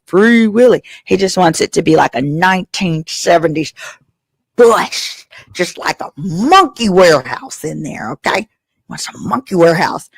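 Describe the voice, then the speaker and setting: Speaking in a fairly low, creaky voice, an attorney in her thirties who hosts a show recounts a comic personal story about being at home at her father's house. She performs the other people's lines as she goes, and the sound is clean studio audio with no echo.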